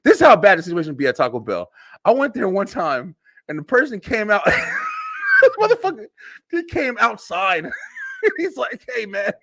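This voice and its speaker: A young man with a high, lively voice tells rowdy stories on a web show, laughing often and swearing freely. His pitch swings up sharply when he gets excited. The sound is dry and close. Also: moderate pace, no echo, shouting. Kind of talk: casual comedic storytelling.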